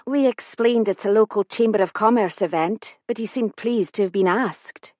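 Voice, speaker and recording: A woman voicing a brisk, polite young female hotel receptionist with a Scottish accent touched with Irish, in an audiobook. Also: medium pitch, a little mellow, dry recording, studio quality, lightly acted. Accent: Scottish with a trace of Irish.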